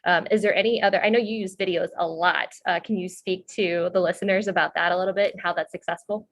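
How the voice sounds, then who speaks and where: A woman hosting a podcast, asking questions and reflecting in a calm, conversational way. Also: fairly low pitch, fast talker. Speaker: podcast host. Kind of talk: casual podcast interview.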